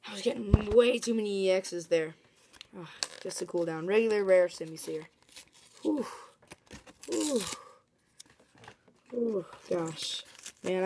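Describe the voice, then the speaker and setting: Excitable woman opening card packs. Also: on the low side, a little hiss or hum. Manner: excitable, chatty, bursts into shrieking excitement. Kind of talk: casual commentary while opening card packs.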